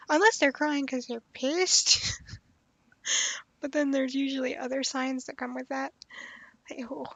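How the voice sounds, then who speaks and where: A young woman talks through a story game on a livestream, blunt and lively, with a lot of swearing and laughing. Her voice sits high. The recording is dry and a little dull. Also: creaky, dry recording. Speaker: streamer playing a story game. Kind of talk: casual livestream commentary.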